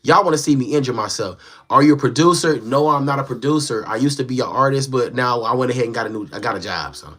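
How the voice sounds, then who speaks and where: A man's voice: medium pitch, quick pace, fairly bright tone. Laid-back young man chatting on a live stream. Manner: laid-back, slangy, talks straight to viewers. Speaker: livestreamer reading viewer comments. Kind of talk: casual live-stream chat. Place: small home room he built as a live-stream set. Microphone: phone.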